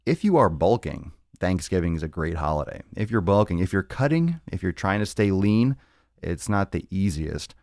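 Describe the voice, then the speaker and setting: A man's voice: low voice, lively intonation, normal speed, a little mellow, no echo, clean studio sound. A man hosting a live fitness podcast, talking in a rambling, joking way with plenty of swearing. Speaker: podcast host. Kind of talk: casual live-stream monologue.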